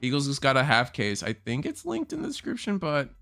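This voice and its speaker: Casual rambling male streamer, smooth dry voice. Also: medium pitch, huge pitch swings, fairly quick, a bit bright, no echo, faint music behind. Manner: rambling, casual, swears freely. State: tired, burnt out. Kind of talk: casual live-stream chat.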